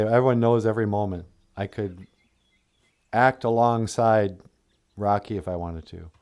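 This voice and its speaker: A man's voice: medium pitch, a little mellow, clear, resonant tone. A man hosting a puppet podcast outdoors in the woods, rambling casually and chuckling.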